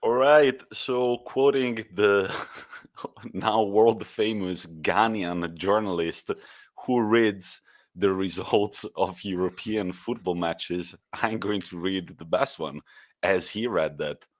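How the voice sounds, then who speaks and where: A man co-hosting a podcast, telling football stories in a lively way with laughs and the odd swear word. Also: low-pitched, slow pace. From Italy. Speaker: podcast co-host. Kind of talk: casual football chat.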